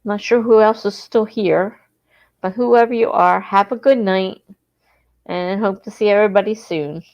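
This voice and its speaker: A woman's voice: mid-range voice, moderate pace, a little mellow, lo-fi sound. A woman from the East Coast of the United States hosting a casual livestream, rambling and correcting herself as she grows sleepy. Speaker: livestream host of writing sprints.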